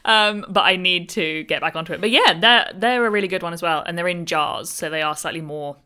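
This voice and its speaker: Bright, lively-voiced woman chatting eagerly. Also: lowish voice, fast, few pauses. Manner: enthusiastic, chatty, laughs often. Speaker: podcast guest. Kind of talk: casual chat.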